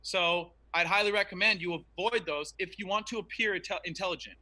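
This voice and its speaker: A man's voice: high-pitched, fairly quick, bright, forceful tone, poor audio. A man in an online debate, talking in an emphatic, preachy way over a remote call.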